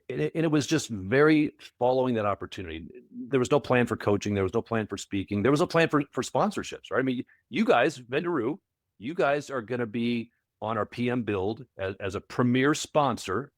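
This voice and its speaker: A man who coaches property managers, a podcast guest telling stories in a casual interview, animated and often repeating words as he restarts. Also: fairly low pitch, no echo, studio quality. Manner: animated, repeats words, acts out quoted voices.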